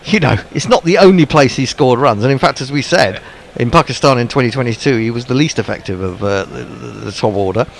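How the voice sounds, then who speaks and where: Gravelly male cricket co-commentator. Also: mid-range voice, brisk, few pauses, slight background noise. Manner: chatty, reads viewer messages. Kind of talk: casual commentary chat.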